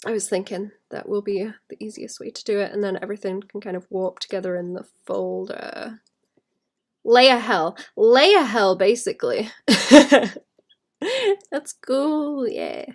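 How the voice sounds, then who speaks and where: A woman who illustrates, chatting casually and thinking aloud while she draws, rambling and laughing softly. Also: medium pitch, expressive, brisk, vocal fry. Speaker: illustrator streaming while drawing. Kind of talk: casual chat while drawing.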